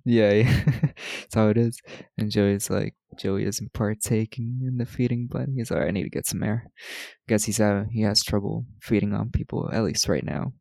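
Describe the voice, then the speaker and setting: A man's voice: lowish voice, moderate pace, vocal fry, few pauses, dark tone, dry recording. A man co-hosting a podcast, casually retelling film scenes with quoted lines and frequent laughs. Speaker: podcast co-host recapping a film. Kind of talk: casual chat.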